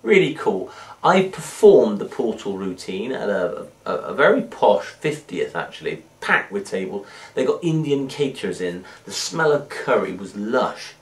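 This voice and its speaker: A man's voice: on the low side, very animated, measured pace. Guy reviewing magic stuff, jokey rambling asides, voice jumps around a lot, sounds a bit far from the mic. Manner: playful, rambling, full of asides. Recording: echoey room, mic at a distance.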